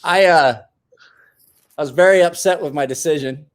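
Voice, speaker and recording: A man's voice: a little high, moderate pace. A man in his forties telling a story in casual chat as host, acting out quotes with big jumps and laughs.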